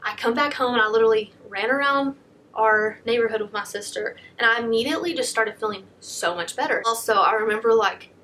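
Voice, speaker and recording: Young woman telling a personal story, high. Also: a little fast, a little hiss or hum. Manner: heavy filler "like", soft confessional. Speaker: YouTuber.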